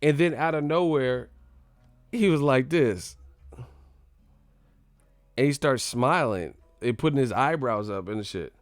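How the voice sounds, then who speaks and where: A young adult man hosting a boxing live stream, ranting in an animated, profane, rambling way. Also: mid-range voice, normal speed, few pauses, no room sound. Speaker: boxing channel host.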